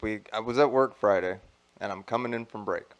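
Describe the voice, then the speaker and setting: A man's voice: lowish voice, brisk, muffled recording. A man with a Midwestern accent, co-hosting a podcast and telling a laid-back work story. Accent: Midwestern American. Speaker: podcast co-host. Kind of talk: casual chat.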